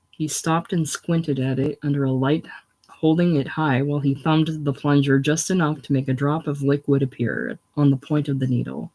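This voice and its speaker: A man reading a novel aloud at a steady, measured pace. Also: fairly high pitch. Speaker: audiobook reader.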